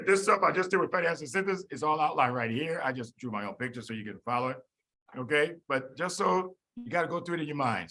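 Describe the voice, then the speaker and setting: Forceful joking lecturer, a man. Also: a little high, a little hiss or hum, poor audio. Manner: animated, storytelling, folksy. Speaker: medical school biochemistry lecturer.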